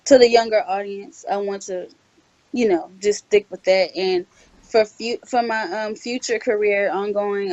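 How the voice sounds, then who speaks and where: A woman's voice: mid-range voice, darkish tone, no room sound. A young woman, a voice-over actress, answering interview questions hesitantly with many fillers and restarts. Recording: dull, slightly lo-fi dry sound.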